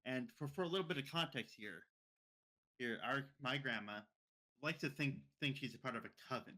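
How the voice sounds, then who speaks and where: A young man tells a spooky story on a casual podcast. His voice is bright and forward. He rambles, doubles back and repeats words as he goes. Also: medium pitch, a little fast. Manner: rambling, repeats words and restarts, mimics others' speech. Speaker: podcast co-host.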